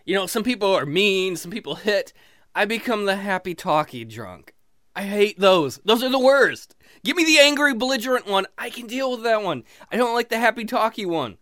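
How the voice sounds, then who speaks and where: A man telling a self-mocking stand-up story, his voice bright and sharp, rising and falling in wide leaps. The sound is dry and close. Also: high voice, no echo. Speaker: stand-up comedian. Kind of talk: stand-up comedy routine.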